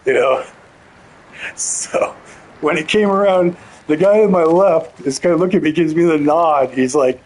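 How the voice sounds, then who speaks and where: A man's voice: on the high side, moderate pace, darkish tone, breathy edge, poor audio. A man streaming a game, telling a rambling, profane story in a casual way. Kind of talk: casual storytelling while gaming.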